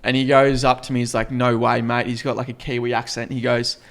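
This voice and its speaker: A man's voice: mid-range voice, flat delivery, quick pace, a bit bright. A young man in his twenties with an Australian accent, a podcast co-host telling a story in casual chat and swearing freely.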